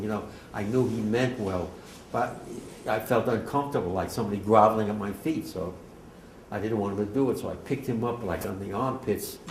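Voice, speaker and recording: A man's voice: lowish voice, slight background noise. Intense older man from New Jersey, testifying in a roomy hall. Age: 80s. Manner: intense, halting, voice swelling to near shouting. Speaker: war veteran speaker. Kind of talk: emotional eyewitness testimony to an audience.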